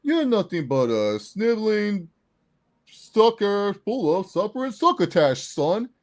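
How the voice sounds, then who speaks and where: A swaggering, boastful pro wrestler , as a man puts him on shouts his taunts in a raised, defiant voice. The bravado is loud and in-your-face. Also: high voice, big pitch swings, measured pace, voice pushed up. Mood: sneering. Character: boastful male pro wrestler, arrogant and intimidating.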